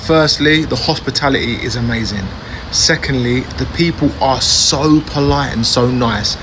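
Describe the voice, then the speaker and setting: A man's voice: mid-range voice, normal speed, noisy background. A man with a London accent, effusively praising a country he is visiting in a casual vlog, repeating himself. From England. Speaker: visiting tourist.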